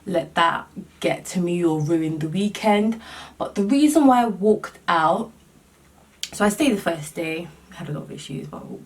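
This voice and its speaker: Animated woman telling a dating story. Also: lowish voice, far from the mic. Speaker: vlogger. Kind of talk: casual storytime chat.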